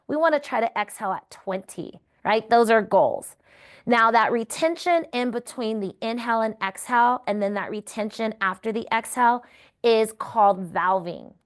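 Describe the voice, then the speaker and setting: A woman yoga therapy instructor guiding breathing exercises in a calm, encouraging way, often checking in with the listener. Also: on the high side.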